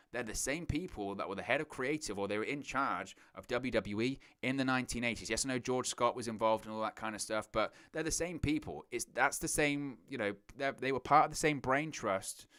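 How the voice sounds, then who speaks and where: A man talking through a wrestling show in a loose, unscripted opinion monologue. His voice sits in the middle register and keeps doubling back on phrases. When he mocks someone, his voice jumps sharply upward. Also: mid-range voice. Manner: animated, repeats phrases, voice jumps up when mocking.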